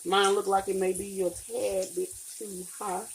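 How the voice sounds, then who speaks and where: A woman's voice: medium pitch, level tone, a little slow, vocal fry, slight background noise. A woman with a Southern US accent from Mississippi, chatting casually and homey to her viewers as she cooks in her home kitchen. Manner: chatty, homey, talks straight to viewers as y'all and honey. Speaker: cooking vlogger. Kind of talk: casual cook-along chat.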